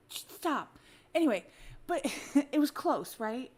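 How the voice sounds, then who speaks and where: A woman's voice: on the high side, expressive, slow, pauses often. Chatty laughing female podcast host. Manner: chatty, laughs often, explains things at length. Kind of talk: casual unscripted chat.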